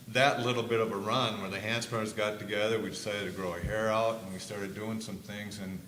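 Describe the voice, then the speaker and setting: An older man on a conference panel telling lively stories, acting out quotes loudly. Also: lowish voice, fairly quick, few pauses. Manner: animated storyteller, acts out quotes loudly. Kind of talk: storytelling on a panel. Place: conference stage. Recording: echoey room with faint noise.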